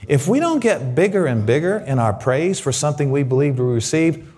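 A middle-aged man delivers a sermon as a guest pastor. His pitch swings widely as he preaches, and he often repeats his words. Now and then he acts out shouts of praise. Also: very animated, brisk, slightly rough.

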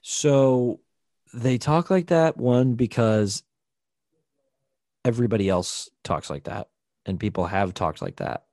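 A man's voice: medium pitch, slow, pauses often, a little mellow, no room sound, studio quality. A man co-hosting a casual podcast, explaining things at length with many fillers. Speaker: podcast co-host. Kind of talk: casual chat.

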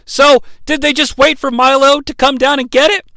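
A man's voice: extremely high pitch, level tone, normal speed, creaky, sharp tone, dry recording. A man hosting a comedic bad-movie review, talking in a sarcastic, rambling way full of swearing.

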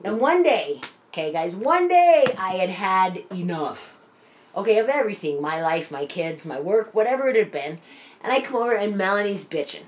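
A woman's voice: medium pitch, big pitch swings, normal speed, a little hiss or hum. A woman co-hosting a casual chat, telling a story animatedly with lots of swearing. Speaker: podcast co-host.

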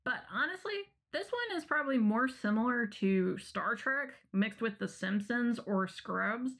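A woman with an animated, swinging voice chats as a podcast co-host. She asks curious questions and pitches her pick. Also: a little slow. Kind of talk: casual chat.

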